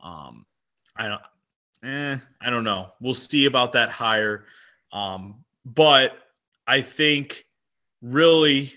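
A man's voice: mid-range voice, sharp tone. A man co-hosting a casual sports podcast, talking enthusiastically and rambling with fillers. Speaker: podcast co-host.

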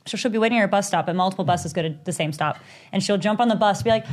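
Woman, podcast co-host, casual chat, lively storytelling, leaps up high for quoted voices. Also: racing. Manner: animated storytelling, acts out quoted voices with sudden high pitch jumps.

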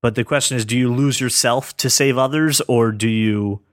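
A man co-hosting a casual podcast, talking earnestly about comics and thinking out loud with lots of restarts. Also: mid-range voice, normal speed, no echo, studio quality. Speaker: podcast co-host.

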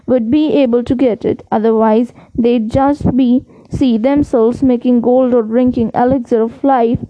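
An elderly, whimsical wizard headmaster, read aloud by a woman in a high, unhurried voice. He muses gently and seems amused at himself. The recording is dry and a little dull. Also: dry recording.

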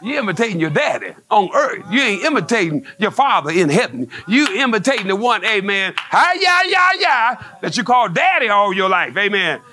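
A man preaching a sermon, dropping frequent amens and calling out to the church, sometimes rising to shouts. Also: high voice, sing-song, moderate pace, hardly any pauses. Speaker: pastor.

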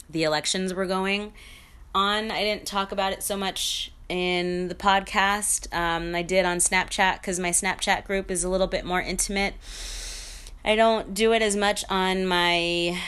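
A woman's voice: fairly low pitch, a bit bright. A woman hosting her own podcast in casual solo chat, blunt and chatty, laughing often and slipping into playful sing-song asides. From mixed heritage. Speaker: podcast host.

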